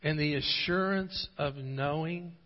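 A man preaching a sermon, at times pleading with rising intensity, at times telling a relaxed story. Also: fairly high pitch, measured pace. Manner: passionate, swelling to pleading intensity in prayer passages. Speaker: pastor. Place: church sanctuary. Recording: dull audio with long hall reverb.

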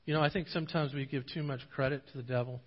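A man's voice: mid-range voice, quick pace. Preaching man in an echoing sanctuary. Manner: passionate, swelling to pleading intensity in prayer passages; relaxed storytelling in anecdotes. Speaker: pastor. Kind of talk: sermon. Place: church sanctuary. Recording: dull audio with long hall reverb.

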